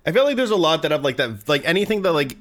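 A man's voice: fairly high pitch, racing. Storytelling man on a podcast. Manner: animated storyteller who swears casually. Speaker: game master and podcast host. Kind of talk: casual chat among friends.

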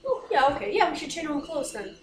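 A woman's voice: sits high, sing-song, fast. A woman playing a tabletop game, eager and scheming with the group. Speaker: player. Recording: roomy recording with background noise.

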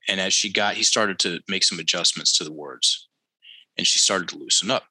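A man with a low, forceful, sharp-edged voice, telling a story as a podcast guest. He leans on key phrases and repeats them for emphasis. He turns to the listeners like a teacher. The sound is dry and close. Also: normal speed, dry recording, low-quality recording. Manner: addresses listeners directly, teacherly. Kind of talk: conversational storytelling.

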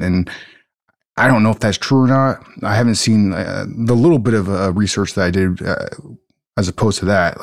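A man with a very low voice co-hosts a podcast and stumbles through his points with fillers and restarts. His sound is close and dry, with no room around it. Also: dry recording. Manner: halting, many restarts and fillers. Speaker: podcast co-host. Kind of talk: casual podcast chat.

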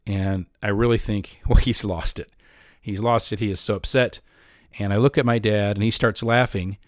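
A man telling a personal anecdote about his past in a relaxed, conversational way, with frequent fillers. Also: fairly low pitch, moderate pace, no echo, clean studio sound. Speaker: storyteller.

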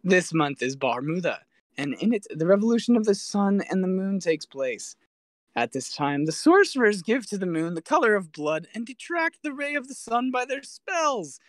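Man doing proud defiant high priest, formal, pitch goes up high. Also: sing-song, moderate pace, a bit bright, dry recording. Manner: formal, declamatory reading.

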